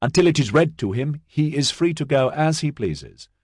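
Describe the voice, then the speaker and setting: A man voicing a courteous, pompous male lawyer who speaks in a lofty, legalistic way, higher than his own voice. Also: animated, normal speed, darkish tone, slightly rough, no room sound, studio quality. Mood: suave.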